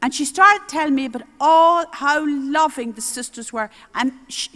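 An older Irish nun with a high voice preaches at a healing service in a large exhibition hall, where a long reverb trails her words. At a moderate pace, she tells homely stories in a sermon, animatedly acting out the voices of the people in them.

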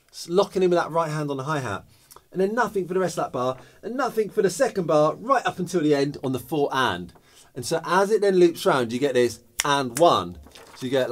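A man teaching a drum lesson, explaining patiently step by step and counting rhythms aloud and beatboxing the patterns. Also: fairly high pitch.

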